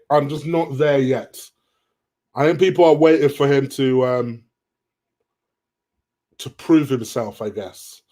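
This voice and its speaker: A man's voice: mid-range voice, darkish tone. Chatty man answering live chat. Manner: reads and answers viewers' questions, chatty, bursts of laughter. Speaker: live stream host. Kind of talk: casual live stream chat.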